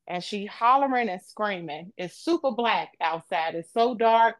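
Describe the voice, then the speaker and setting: A woman's voice: mid-range voice, lively intonation, moderate pace, no room sound. Woman telling a gripping personal story. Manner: emotional, vivid retelling with profanity. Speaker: podcast co-host.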